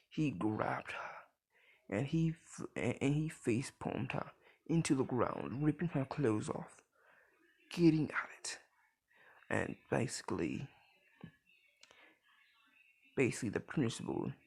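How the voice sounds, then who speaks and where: Gravelly young man telling a rambling story. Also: mid-range voice. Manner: rambling, filler-heavy, many restarts. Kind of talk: casual improvised fan story.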